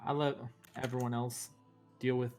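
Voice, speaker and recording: A man playing a tabletop game, making quick, wry, offhand remarks in character. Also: medium pitch, little pitch movement, darkish tone, faint music behind. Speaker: player. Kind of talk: casual in-character play.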